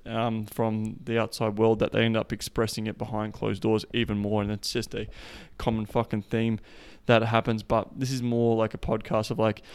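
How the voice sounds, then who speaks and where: A man hosting a casual podcast monologue with a smooth, resonant voice. His pitch stays fairly level and doesn't rise or fall much. He talks loosely, swears freely, and keeps falling back on filler phrases. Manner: profane, loose, full of "like" and "the thing is". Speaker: podcast host.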